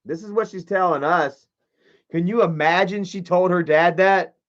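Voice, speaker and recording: A man talking on a casual livestream in a profane, animated, mocking way. His voice sits a little high for a man. The audio is muffled and lo-fi. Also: normal speed. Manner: profane, animated, mocking, reads chat aloud. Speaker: live streamer.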